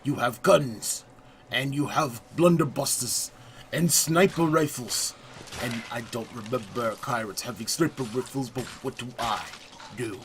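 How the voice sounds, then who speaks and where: A man narrating a gameplay video in a playful, mock-grand style, putting on a deliberately bad French accent. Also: medium pitch, a bit bright, a little hiss or hum. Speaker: gaming channel host. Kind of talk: let's play voice-over commentary.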